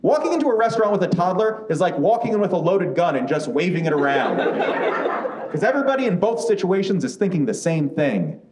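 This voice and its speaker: A man's voice: sits high, sing-song, a little fast, very noisy. Male stand-up in his thirties, brash and profane, roomy club sound with the crowd behind him. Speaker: stand-up comedian. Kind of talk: stand-up comedy set. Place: comedy club stage.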